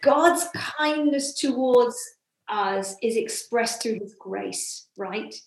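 A woman co-hosting a casual faith discussion podcast, telling everyday stories with quick asides. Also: a little high, creaky. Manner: chatty storyteller, quick asides. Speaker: podcast co-host. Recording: echoey room.

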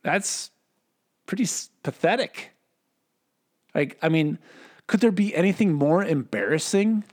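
A man's voice: fairly high pitch, lively intonation, unhurried. A man giving a casual Bible teaching in a rambling, joking way, correcting himself often and asking rhetorical questions.

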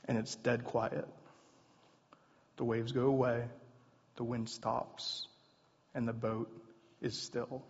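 A man's voice: mid-range voice, flat delivery, slow pace, pauses often, slightly rough. A man preaching a sermon in an earnest, conversational way with casual asides. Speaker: pastor. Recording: dull sound in a long-reverb hall.

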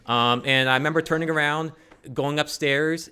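A man's voice: on the high side, steady tone, moderate pace, bright, forceful tone, clear, resonant tone. A man telling a personal story to a live audience, rambling and joking with many fillers and restarts. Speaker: storyteller on stage.

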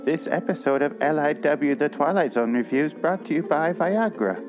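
A man puts on a woman's voice for a spoof commercial, with a high, lilting delivery. The sound is dull and muffled. A plucked guitar plays clearly underneath. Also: moderate pace, lightly acted. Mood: teasing. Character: sultry woman pitch reader. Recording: muffled audio with guitar music.

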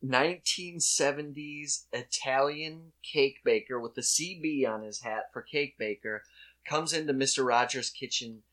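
A man in casual comedic chat, telling an animated story and slipping into put-on voices. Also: medium pitch, measured pace.

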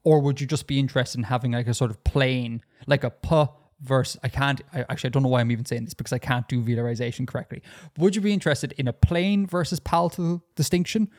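A man talking casually on a podcast, chatty and loose. He stumbles and restarts his sentences often and fills the gaps with ums. His pitch is in a middle range. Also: steady tone, quick pace. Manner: chatty, hesitant with many restarts and fillers. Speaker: podcast co-host.

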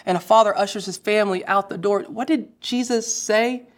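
A woman preaching a sermon in a mid-pitched voice. She tells the story animatedly and acts out the crowd's lines. She turns to the listeners with direct questions. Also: moderate pace. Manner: lively storytelling with quoted voices.

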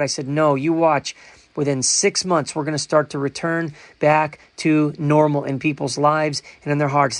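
A man's voice: a little high, no room sound. A man giving an emphatic sermon monologue, full of rhetorical asides and quoted scripture. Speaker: preacher.

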